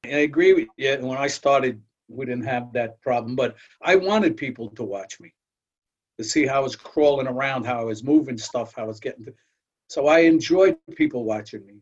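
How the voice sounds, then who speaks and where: A man's voice: mid-range voice, moderate pace. An older man hosting a talk, telling folksy anecdotes and often repeating words as he goes. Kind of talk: storytelling chat. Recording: dull lo-fi audio.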